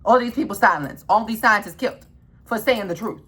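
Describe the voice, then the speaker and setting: A woman in an impassioned, swearing rant who repeats herself and swings between loud outbursts and low mutters. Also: brisk, husky.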